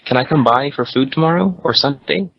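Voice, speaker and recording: A man putting on a whiny, coaxing young son, pestering down a muffled phone line. He rattles along quickly. The sound is dull and lo-fi, like a recorded call. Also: on the high side, vocal fry. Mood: pleading. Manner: whiny, pleading, coy. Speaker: prank caller.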